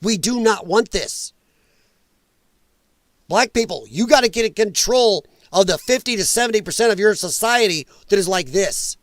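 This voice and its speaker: With lively intonation at normal speed, the same high-voiced reaction host angrily hammers his points home through repetition. There's no echo or room sound in the dry recording.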